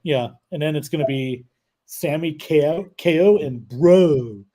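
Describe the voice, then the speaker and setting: A man's voice: on the high side, measured pace, mellow. A man hosting a casual wrestling chat, rambling and hesitant, often trailing off mid-thought. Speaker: podcast host.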